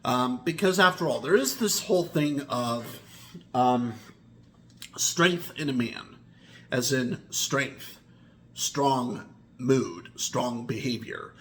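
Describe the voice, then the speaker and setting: Slow-spoken man with a bright voice. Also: expressive, slight background noise. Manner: slow, deliberate, with sudden swings in pitch and loudness. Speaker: vlogger. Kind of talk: rambling personal monologue to camera.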